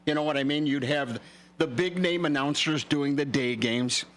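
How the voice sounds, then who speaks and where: A man's voice: fairly high pitch, moderate pace, fairly bright tone. An older man co-hosting a morning radio show, joking and telling stories in casual chat. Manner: jokey, storytelling. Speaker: radio co-host.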